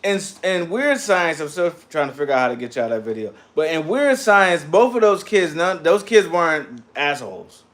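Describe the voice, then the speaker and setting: A man hosting a casual livestream, talking back to his chat in a loose, slangy, animated way. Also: fairly high pitch, moderate pace, few pauses. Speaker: livestream host reading chat.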